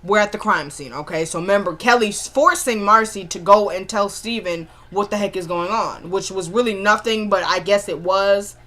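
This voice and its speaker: A woman recapping a TV episode in a casual vlog from her home kitchen, chatty and animated, with exasperated asides. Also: medium pitch, normal speed, hardly any pauses. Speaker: TV episode reviewer.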